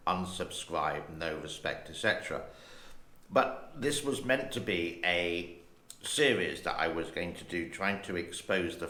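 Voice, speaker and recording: A man's voice: low voice, bright, forceful tone. A man in his sixties hosting his own channel, rambling casually and reading headlines aloud. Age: 60s. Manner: slow, rambling, chatty. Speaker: channel host. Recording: roomy echo.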